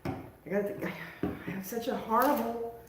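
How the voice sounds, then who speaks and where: A woman's voice: a little high, measured pace, echoey room, background noise. Chatty woman hosting a craft livestream. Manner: chatty, self-mocking, talks to viewers while working. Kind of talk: casual live craft stream chat.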